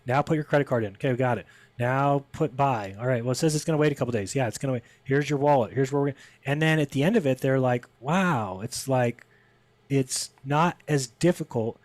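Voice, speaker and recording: A man talking on a podcast at a brisk clip, casual and conversational. He jumps into the voices of the people he quotes, pitching up for their lines. The sound is dry and close. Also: no echo. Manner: animated, acts out quoted people with raised voice. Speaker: podcast guest. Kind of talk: casual storytelling interview.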